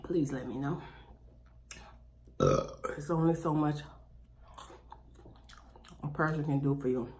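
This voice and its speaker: Low-voiced woman chatting while she eats. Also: takes it slowly, long pauses, a little mellow, a little hiss or hum. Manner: chatty, talks while chewing. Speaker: mukbang host. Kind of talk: casual chat while eating.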